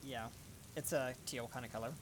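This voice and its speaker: A man's voice: medium pitch, fairly even intonation, moderate pace, background noise. A man narrating as game master of a tabletop game, casual and full of fillers. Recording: rain and thunder ambience.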